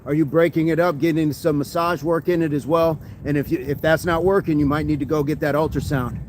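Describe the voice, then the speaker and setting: A man's voice: a little high, steady tone, fairly quick, a little mellow, slight background noise. A man hosting a casual fitness livestream outdoors, upbeat, reading viewer comments aloud and answering them between exercise sets. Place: outdoors by a street with passing traffic. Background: passing vehicles and street ambience.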